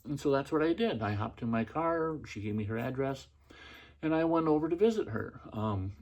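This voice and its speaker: A man's voice: medium pitch, a little mellow. A middle-aged man hosting a podcast, telling a personal story in a casual, chatty way with many fillers and restarts. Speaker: podcast host.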